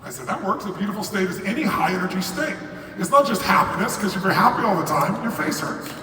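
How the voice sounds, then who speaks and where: A man's voice: high voice, animated, quick pace, pushed and bright, faint music behind. An older man giving a live motivational keynote, emphatic and profane, firing questions at the audience. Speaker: motivational speaker. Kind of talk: live stage keynote to a crowd. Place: large arena. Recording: echoey arena sound from far off.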